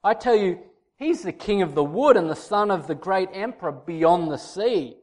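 Storybook beaver, stern and proud, a preacher reads him out; firm, emphatic delivery. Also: male voice, high voice, expressive, normal speed, a little mellow.

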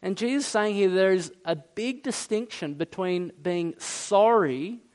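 Guy preaching, chatty sermon, fairly high voice, keeps asking the room questions. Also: expressive, measured pace, a little mellow. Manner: conversational preaching, asks the congregation rhetorical questions; acts out quoted speech in varied voices. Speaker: pastor.

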